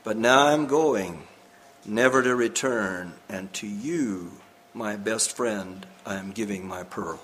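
A man voicing an old, devout and stubborn pearl diver who speaks slowly and solemnly in a hushed voice. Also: on the high side, sing-song, slight background noise. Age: older.

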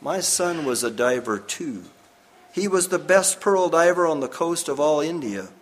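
A man voicing an old, devout and stubborn pearl diver who speaks slowly and solemnly in a hushed voice. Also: fairly high pitch, animated. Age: older.

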